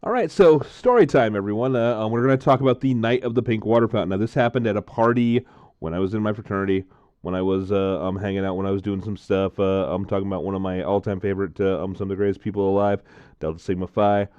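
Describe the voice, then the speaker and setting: A man's voice: fairly low pitch, fairly even intonation, quick pace, a little mellow, clear, resonant tone, dry recording, lo-fi sound. A man vlogging casually, tasting drinks and telling a story, rambling with lots of fillers.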